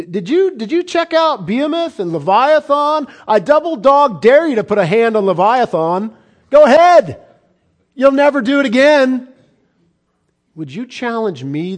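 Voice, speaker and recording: A man voicing God as a thundering challenger, booming and rising in defiance. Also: very animated, unhurried. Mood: defiant.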